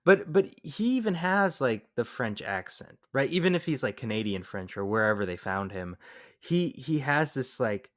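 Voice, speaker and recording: A man co-hosting a film podcast, talking in animated casual chat and breaking into quick impressions. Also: medium pitch, dry recording, clean studio sound. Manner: animated, excitable, jumps into impressions. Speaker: podcast co-host. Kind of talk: casual movie-review chat.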